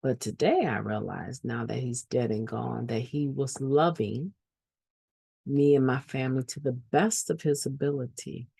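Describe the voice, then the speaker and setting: A woman's voice: extremely low pitch, unhurried, gravelly, mellow, slightly rough, no room sound. A woman giving an earnest personal testimony at a recovery meeting, repeating phrases for emphasis.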